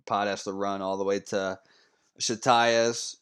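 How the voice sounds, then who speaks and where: A man's voice: lowish voice, little pitch movement, unhurried, a bit bright, smooth. A man co-hosting a book podcast, making laid-back, brief remarks in casual chat. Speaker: podcast co-host.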